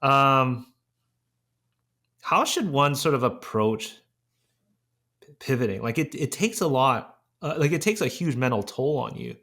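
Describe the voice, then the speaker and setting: A man's voice: medium pitch, expressive, measured pace, pauses often, pushed and bright. A man hosting a podcast interview, asking questions in a hesitant way with many fillers. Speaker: podcast host. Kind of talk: casual interview conversation.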